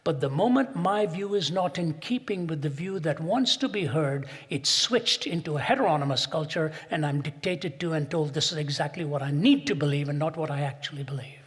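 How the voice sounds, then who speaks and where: Man, preacher, slightly high, husky, emphatic peaks, long hall reverb. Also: a little fast, few pauses. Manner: builds to emphatic peaks, drops soft for quoted asides. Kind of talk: sermon with told stories.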